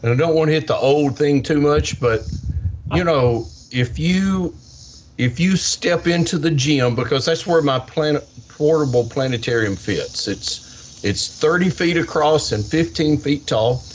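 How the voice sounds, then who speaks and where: Older guy telling school stories in an interview, gets really animated. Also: fairly high pitch, unhurried, slight background noise. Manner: animated, acts out kids' voices. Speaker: science educator with a portable planetarium. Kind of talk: interview answer, storytelling.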